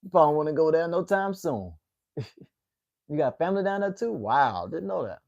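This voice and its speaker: A man's voice: on the high side, sing-song, brisk, vocal fry, darkish tone, dull audio. A man in his late twenties from Atlanta with a Southern accent, hosting a casual livestream and chatting with viewers. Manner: laid-back, chatty, reacting to chat. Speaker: livestream host.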